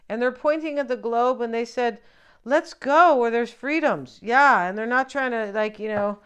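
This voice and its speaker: A woman's voice: mid-range voice, clear, resonant tone. A woman giving a casual tarot reading, chatty and joking, with lots of fillers and asides to the viewer. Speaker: tarot reader.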